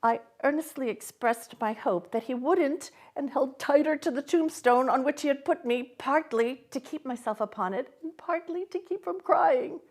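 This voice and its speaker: A woman reading a classic novel aloud, telling the story with unhurried expression. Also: high-pitched, expressive, darkish tone. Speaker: volunteer reader.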